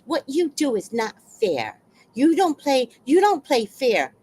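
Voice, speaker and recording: A woman's voice: high-pitched, big pitch swings, unhurried, darkish tone, slight background noise, voice pushed up. A woman mimicking a mother who calls a child over and scolds him for playing unfairly. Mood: scolding.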